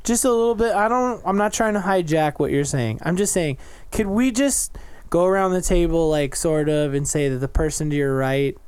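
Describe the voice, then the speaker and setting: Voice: mid-range voice, normal speed, a little mellow, clean tone. A podcast co-host in casual chat, hesitant and restarting sentences.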